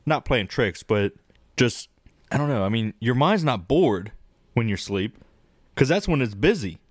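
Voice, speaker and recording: Man, podcast co-host, casual chat, rambling, swears a lot, mid-pitched, dry close sound. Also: normal speed, no room sound. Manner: rambling, profane, animated storytelling.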